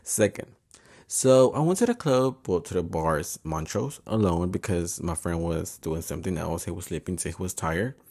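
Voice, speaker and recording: Low-voiced young man, profane and chatty. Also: moderate pace, darkish tone. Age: 20s. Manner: profane, chatty, switches between English and Spanish, laughs often. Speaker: podcast host. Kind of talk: casual storytelling monologue. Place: home.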